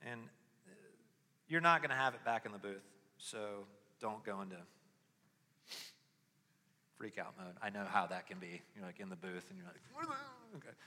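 A young adult man preaching a sermon with personal testimony, moving from quiet reflection to loud, impassioned pleading. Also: lowish voice, moderate pace, pauses often. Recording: long hall reverb.

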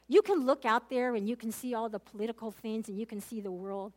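Here the Bible teacher's voice is a little high and fairly quick, with hardly any pauses. She leads a conversational study in an earnest way, directly asking her listeners questions and often going back over or restarting her phrases.

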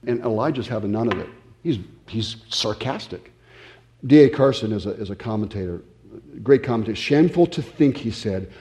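A man's voice: mid-range voice, dark tone, dull audio. A man preaching a sermon in a conversational way, often stopping and restarting, asking the listeners questions. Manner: conversational, halting with many restarts and fillers. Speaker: pastor.

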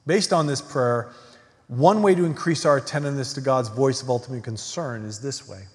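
A male pastor delivers a sermon in an earnest voice of middle pitch. He presses with emphatic questions, then drops to hushed, almost whispered lines. His voice rings with the long reverb of a large church hall. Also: a little fast.

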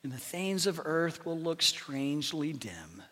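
A male pastor preaching a sermon, swinging from loud proclamations to hushed, near-whispered lines. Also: a little high, big pitch swings, a little slow, in a large hall.

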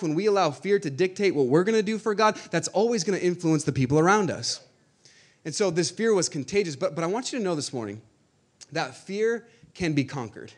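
A man in his thirties, a pastor, preaching a conversational sermon with frequent fillers and restarts and reading scripture aloud. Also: high-pitched.

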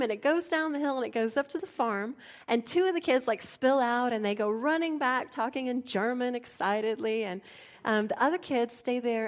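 A middle-aged woman pastor, telling personal stories in a sermon, often dropping to a hushed voice and then rising lively. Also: a little high. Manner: soft, hushed storytelling that turns lively and animated. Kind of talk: storytelling sermon.

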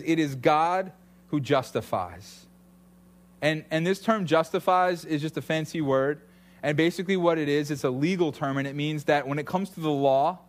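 Male pastor, sermon, animated storytelling, somewhat high voice. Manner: animated storytelling with acted-out quotes.

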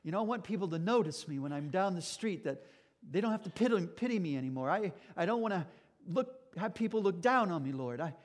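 A man's voice: high voice, lively intonation, brisk, big-room sound. A man voicing a blind male beggar who pleads eagerly and rambles, correcting himself as he asks for things. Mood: pleading.

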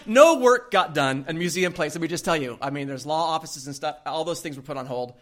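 A male pastor preaching a sermon, telling a story in an animated way and laughing often. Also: a little high, a little fast.

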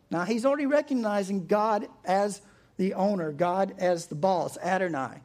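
A man preaching a sermon, who tells the story in a lively, informal way and acts out the characters. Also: high-pitched, unhurried. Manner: animated storytelling, acting out quotes, chuckling. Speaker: pastor.

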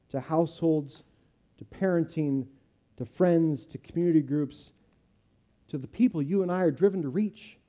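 Man preaching, dark mellow voice. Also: fairly high pitch. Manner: earnest, measured preaching in short phrases. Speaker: pastor. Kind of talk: sermon and closing prayer. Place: church.

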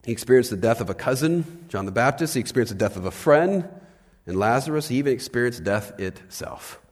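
A man preaching a sermon as pastor, animated, swinging between loud bursts and hushed lines and asking his listeners questions. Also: medium pitch, fairly quick. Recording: long hall reverb.

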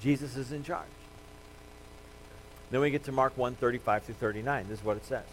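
A man's voice: mid-range voice, a little fast, slight background noise, rough recording. A male pastor preaching a sermon in a conversational, joking way, reading scripture aloud.

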